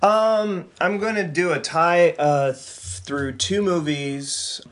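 A man's voice: fairly high pitch, takes it slowly, fairly bright tone. A man chatting as a podcast guest, playful and joking, hesitating with ums. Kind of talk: casual chat.

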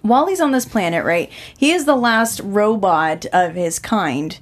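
A woman with a mid-pitched voice on a casual podcast. She pushes her points playfully and argues them with relish. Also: animated, a little slow. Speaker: podcast co-host. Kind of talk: casual chat.

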